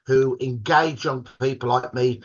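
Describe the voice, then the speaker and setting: A man's voice: medium pitch, fairly even intonation, unhurried, highs cut off. An older man with a Birmingham accent, telling stories as a guest in a podcast interview, proud and fond of local dialect words. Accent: Birmingham (Brummie). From Birmingham, England. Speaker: guest historian.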